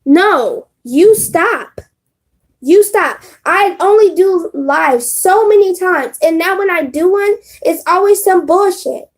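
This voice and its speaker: A woman's voice: extremely high pitch, lively intonation, takes it slowly. A woman doing a casual live stream on her phone, talking bluntly and with profanity straight to her chat. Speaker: live streamer giving readings.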